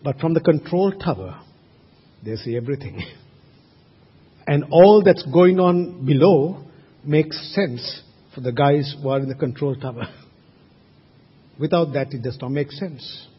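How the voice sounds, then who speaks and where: A man's voice: fairly high pitch, lively intonation, measured pace, long pauses, slightly rough. A man preaching a sermon at a church service, emphatic and asking his congregation rhetorical questions. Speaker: pastor. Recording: reverberant hall, muffled sound.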